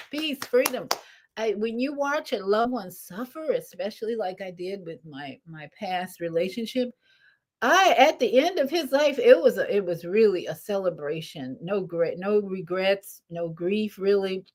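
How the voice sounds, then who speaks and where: Older lady spiritual teacher, storytelling, lively ups and downs, middle pitch. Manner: animated, lively storytelling with sudden rises and drops. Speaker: spiritual teacher leading meditation. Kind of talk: storytelling talk.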